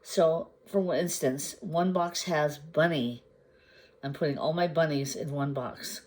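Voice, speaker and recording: A woman crafting vlogger chatting casually to the camera. She shows her projects at an unhurried pace, pausing to gather her thoughts and sometimes asking the viewers questions. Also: deep voice, fairly even intonation, a little mellow. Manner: unhurried, chatty, meandering with pauses. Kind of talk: casual show-and-tell chat to camera.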